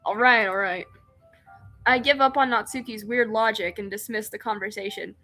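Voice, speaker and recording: A woman's voice: mid-range voice, steady tone, moderate pace, pushed and bright, soft background music. A woman streamer reading a visual novel aloud, narrating in first person and breaking off into giggly, self-mocking asides.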